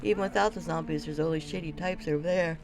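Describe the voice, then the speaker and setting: A woman reading a gruff gate captain. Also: low voice, fairly even intonation, quick pace.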